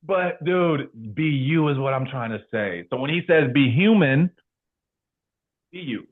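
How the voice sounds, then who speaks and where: Young man from California coaching insurance agents, animated, slangy, thin lo-fi sound. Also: medium pitch, a little slow, breathy edge. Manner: animated storyteller, slangy, laughs a lot. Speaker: insurance sales trainer. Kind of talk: motivational team talk. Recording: tinny phone-like sound.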